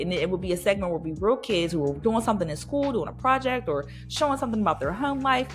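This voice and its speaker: A woman's voice: a little high, animated, fast talker, soft background music. A woman in her thirties hosting a podcast, chatting casually and laughing, often slipping into playful voices. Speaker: podcast host. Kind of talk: casual nostalgic podcast chat.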